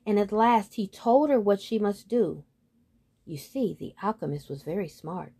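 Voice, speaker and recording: A woman storyteller reading a fairy tale aloud in a gentle, soothing manner. She takes her time, with an unhurried, measured pace. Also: medium pitch, slightly rough.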